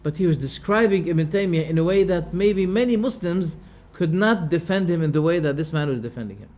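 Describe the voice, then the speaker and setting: On the high side and a little mellow, this man's voice moves fairly quickly through a religious lecture. He turns each term into plain words and puts rhetorical questions to his class.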